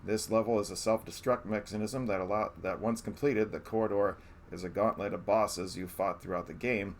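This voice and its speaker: On a live stream, a man reads aloud his review of a beloved retro game, earnest and frequently restarting his sentences to correct himself. His voice is fairly low and steady at normal speed, with a little hiss or hum.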